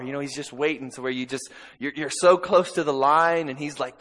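A man's voice: on the high side, moderate pace, fairly bright tone, long reverb tail, poor audio. A man preaching a sermon in a church, impassioned and conversational, often checking in with "amen?". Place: church sanctuary.

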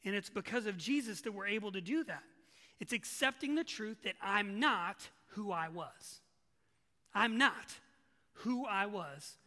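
A man's voice: high-pitched, lively intonation, measured pace, bright, forceful tone, long reverb tail. A male pastor preaching a sermon in a church, earnest and emphatic, repeating his key phrases.

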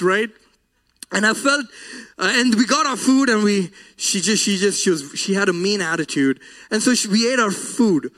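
A preacher with a strikingly high, fairly bright voice delivers a sermon at a moderate pace. Earnest and emotional, he weaves a personal story into his message, his voice often breaking with feeling.

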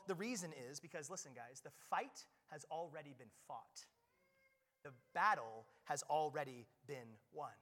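A man preaching a sermon as pastor, energetic and firing questions at the congregation. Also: fairly high pitch. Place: church hall. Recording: reverberant church hall.

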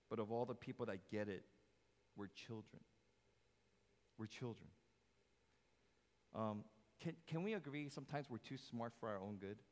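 Man preaching in a reverberant church. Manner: animated, swings between loud emphasis and soft low lines; asks the congregation questions, jokes. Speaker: pastor. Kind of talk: sermon. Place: church sanctuary. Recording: long hall reverb.

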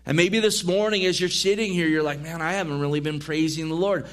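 A man's voice: a little high, brisk, a bit bright. Earnest male pastor preaching. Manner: earnest preaching with scripture readings, rising to emphatic peaks. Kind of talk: sermon. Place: church.

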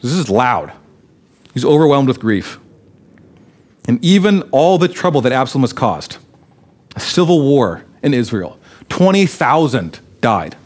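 A man's voice: mid-range voice, very animated, measured pace, long pauses. A man, a pastor, preaching a sermon and reading scripture aloud expressively, acting out the quoted lines.

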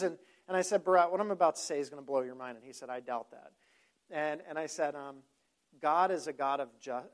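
A man, a pastor, telling a story in a sermon in a conversational way, with frequent repeated words and quoted dialogue. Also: a little high.

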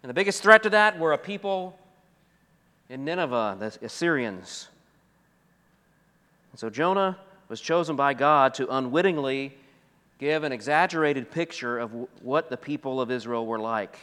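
A man preaching to a congregation, his voice smooth and resonant at an ordinary pitch. He drives points home with rising force, then drops to a hush. Long reverb trails each phrase, as from a large sanctuary. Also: normal speed, long pauses. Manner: emphatic, swings from loud to soft. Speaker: pastor. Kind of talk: expository sermon.

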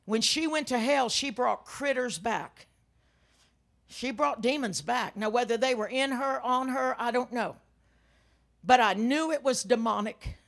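An older woman minister preaching a sermon with personal testimony, telling stories dramatically and breaking into sudden loud outbursts. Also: on the high side, a little slow, vocal fry.

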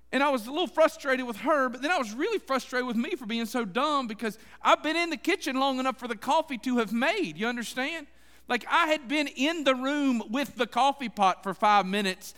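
A man's voice: extremely high pitch, bright, forceful tone, clear, resonant tone. A man preaching a sermon in a folksy, conversational way, talking straight to his congregation. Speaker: pastor. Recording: long hall reverb.

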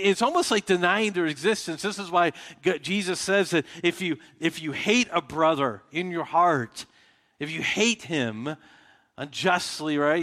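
A man's voice: on the high side, fairly bright tone. A man preaching a sermon as pastor, talking conversationally with frequent restarts and rhetorical questions to his congregation. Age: adult with children. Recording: reverberant hall.

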